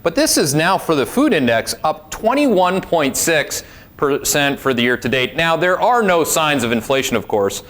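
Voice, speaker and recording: Brisk, sardonic man giving market commentary. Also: a little high, big pitch swings, a bit bright. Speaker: financial market strategist.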